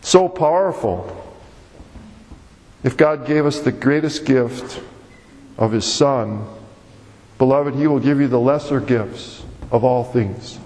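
A man's voice: medium pitch, slow, long pauses, darkish tone. A man preaching a sermon as pastor, with an emphatic, repetitive cadence. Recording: long hall reverb.

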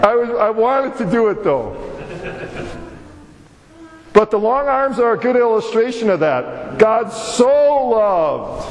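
A man's voice: very high-pitched, big pitch swings, unhurried, pauses often. A man preaching a sermon as pastor, with an emphatic, repetitive cadence. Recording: long hall reverb.

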